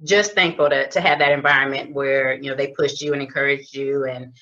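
Low-voiced woman storyteller from Detroit. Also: a little fast. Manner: animated storyteller, acts out quoted voices. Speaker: guest, chiropractor. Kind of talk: casual storytelling interview. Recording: distant lo-fi sound.

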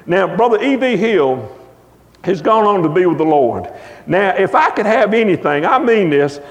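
A man preaching a revival sermon, telling stories in a folksy, emphatic, drawn-out cadence. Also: high-pitched, big pitch swings. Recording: long reverb of a church hall.

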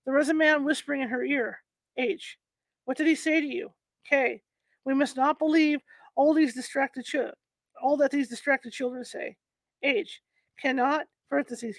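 A high-pitched woman reads an old court record out loud, line by line. She trips over the archaic phrasing and starts lines again. Her voice sounds dry and close. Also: dry recording. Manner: halting reading, frequent restarts on old wording. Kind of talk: reading a historical court transcript aloud.

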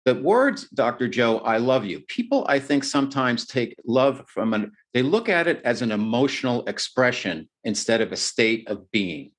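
A man hosting an interview and asking thoughtful questions. He feels his way through each sentence with small restarts. His voice is at an ordinary pitch for a man. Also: sing-song, moderate pace, few pauses. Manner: thoughtful, hesitant phrasing with restarts. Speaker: interviewer, host.

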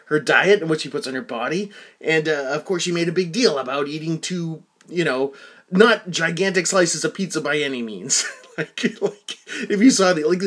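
A man's voice: on the high side, a bit bright. A middle-aged man hosting his own podcast, telling a rambling story full of restarts and acted-out quotes. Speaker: podcast host. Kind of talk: casual podcast monologue and phone chat.

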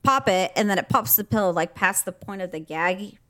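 A woman's voice: mid-range voice, expressive, normal speed, bright, forceful tone. Chatty, rambling woman. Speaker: podcast co-host. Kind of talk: casual chat.

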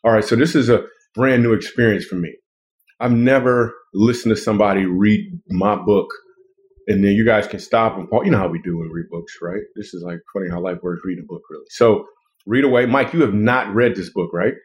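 A man hosting a loose comedic chat, joking and drifting from one bit to the next. He talks fast in a somewhat low voice. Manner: joking, playful, rambling. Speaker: podcast host and author.

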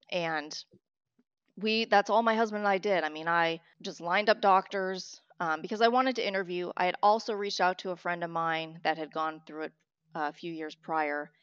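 A talkative woman in her thirties speaks as an interview guest, sharing a personal story in a candid, heartfelt way. Her voice sits a little low and she often restarts her sentences. The sound is dry and dull, with a lo-fi quality. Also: a bit bright, clean tone, no echo.

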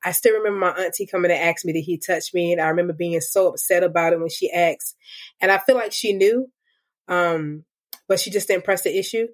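A woman's voice: on the low side, brisk. A young woman giving a candid personal testimony in an interview, reflective and full of "like" and "um". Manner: candid and reflective, with many "like" and "um" fillers. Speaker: interview guest. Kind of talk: personal testimony, casual storytelling.

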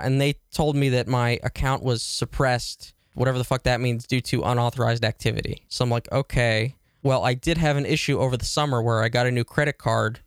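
A man's voice: mid-range voice, gravelly, dry recording, clean studio sound. A man co-hosting a podcast, telling a long story in casual chat with lots of fillers, restarts and swearing. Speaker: podcast co-host.

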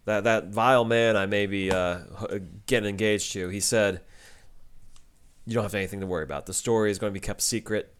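A man's voice: lowish voice, steady tone, fairly quick, clear, resonant tone. A man co-hosting a casual podcast, quoting favorite lines and laughing often. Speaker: podcast co-host. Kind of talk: casual recap chat.

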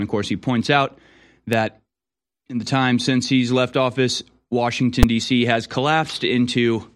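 A man hosting a talk radio show, reading news stories aloud and commenting on them with sarcasm. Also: mid-range voice. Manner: sarcastic, reads headlines then editorializes.

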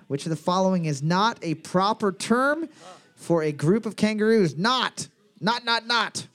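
High-voiced man reading quiz questions. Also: fairly bright tone. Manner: jokey, laughs often, reads questions out with emphasis. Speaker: quiz host. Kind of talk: casual chat, reading trivia questions.

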